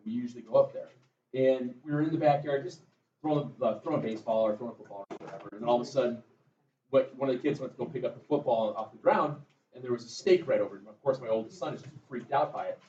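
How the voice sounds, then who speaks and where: A man's voice: medium pitch, dark tone, recorded from a distance, slight background noise. Man teaching a classroom lesson. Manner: conversational, tells stories to the class. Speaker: math teacher. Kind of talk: classroom lecture. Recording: roomy classroom, voice from afar, dull sound.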